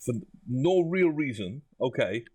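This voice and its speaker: A man chatting his way through a game as he plays it, amused and thinking out loud. His voice sits at an ordinary middle pitch. It is recorded close and dry, with no echo. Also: animated, unhurried, breathy edge. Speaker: gaming YouTuber. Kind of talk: casual game first-look commentary.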